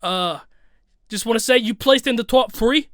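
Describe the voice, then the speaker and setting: A man putting on a talent manager's voice with an accent he calls horrible, calm and businesslike. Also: very high voice, slow, no room sound, studio quality, pitched above the performer's own voice, full character voice.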